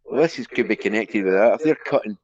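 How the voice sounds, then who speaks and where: A man's voice: lowish voice, lively intonation, fast talker, lo-fi sound, a crowd in the background. A man with a Scottish accent chatting casually, rambling and swearing as he tells jokes. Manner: sweary, rambling joke-teller. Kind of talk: casual street chat.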